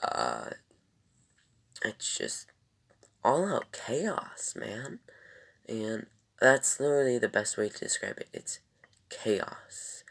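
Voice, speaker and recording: A man's voice: lowish voice, huge pitch swings, slow pace, vocal fry, pauses often, fairly bright tone. A young man giving a casual TV episode review in a rambling, loose way, with many ums and corrections.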